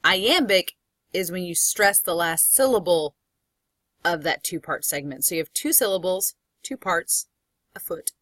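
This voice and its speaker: A woman professor giving a recorded lecture, explaining step by step and reading poetry aloud slowly. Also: lowish voice, a bit bright, no echo.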